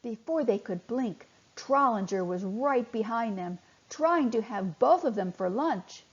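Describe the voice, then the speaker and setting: Woman storyteller, slightly high voice, breathy, slow and soft, muffled lo-fi recording. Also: lively intonation. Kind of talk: bedtime story reading for children. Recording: dull lo-fi recording.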